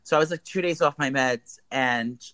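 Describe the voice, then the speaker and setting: A man's voice: mid-range voice, moderate pace, no echo. A man telling a rambling, profane story as a podcast co-host. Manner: rambling, profane, animated retelling. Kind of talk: casual storytelling chat.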